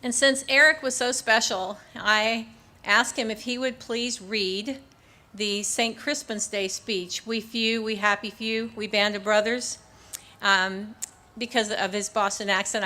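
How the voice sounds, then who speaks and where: An older woman giving a keynote speech at an outdoor memorial ceremony in a park. She speaks earnestly and in a measured way, reading parts from her book with a few small restarts. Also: medium pitch, fairly even intonation, pushed and bright. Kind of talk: public speech partly read from her book.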